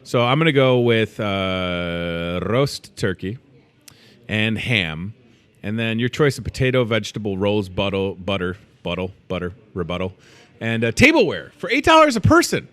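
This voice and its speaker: A man's voice: on the low side, very animated, normal speed, a bit bright. A man hosting a store's daily show, chatting casually and joking about food with playful asides. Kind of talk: casual chat.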